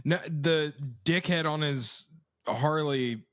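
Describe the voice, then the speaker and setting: A man's voice: a little high, takes it slowly, fairly bright tone, dry recording, studio quality. A man co-hosting a podcast, laughing a lot and swearing in casual chat. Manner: laughs often, profane. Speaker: podcast co-host.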